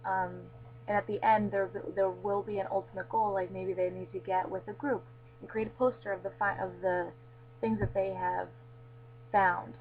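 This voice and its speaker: A woman's voice: medium pitch, level tone, normal speed. Woman narrating a tinny screencast tutorial. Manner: casual, frequent ums. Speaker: tutorial presenter. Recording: tinny lo-fi mic with faint hum.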